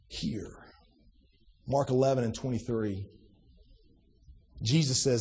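A man's voice: high voice, very animated, unhurried, pauses often, slightly rough, in a large hall. A man preaching a sermon, earnest and full of rhetorical questions, often restarting his sentences. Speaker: pastor.

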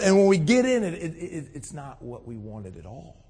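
Male preacher, husky and a touch high-pitched, impassioned sermon delivery, long hall reverb. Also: sing-song, normal speed. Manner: impassioned, voice swells loud then drops low.

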